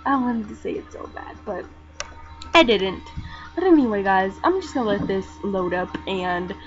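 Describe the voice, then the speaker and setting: A young woman chatting casually over gameplay, soft-spoken and rambling, with lots of fillers. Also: expressive, normal speed. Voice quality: soft-spoken, talks low. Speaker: gaming vlogger. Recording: dull lo-fi mic with game music. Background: game music.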